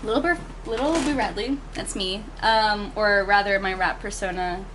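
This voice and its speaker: A young woman in her twenties telling a story in an interview, talking fast and animatedly and laughing often. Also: mid-range voice, noisy background. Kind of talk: casual storytelling.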